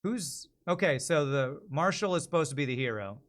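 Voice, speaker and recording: A man streaming while he works on voice-over lines, thinking out loud and correcting himself as he goes. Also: on the high side, lively intonation, normal speed. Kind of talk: casual live stream chat.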